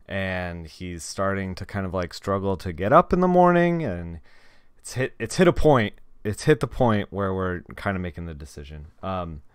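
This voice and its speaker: A man's voice: low-pitched, a bit bright, clear, resonant tone, no echo, studio quality. A young man chatting casually with his viewers on a live stream, rambling and talking straight to them.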